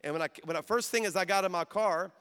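Middle-aged male pastor, high voice, storytelling sermon that rises to emphatic calls, big-hall reverb. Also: fast, smooth. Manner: storytelling preacher who builds to loud, emphatic exhortation and calls to the crowd. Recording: long reverb of a large hall.

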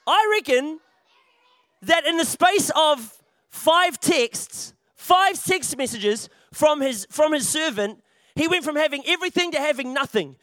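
A man's voice: very high voice, expressive, a little slow, sharp tone, no echo, studio quality. A male preacher giving a playful youth sermon, chatty and jokey, often restarting his phrases.

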